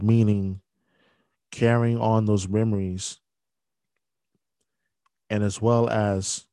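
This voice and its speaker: A young man hosting a podcast, speaking a halting, grief-filled dedication with many restarts. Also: on the low side, little pitch movement, mellow, dry recording. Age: young adult. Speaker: podcast host. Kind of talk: emotional spoken dedication.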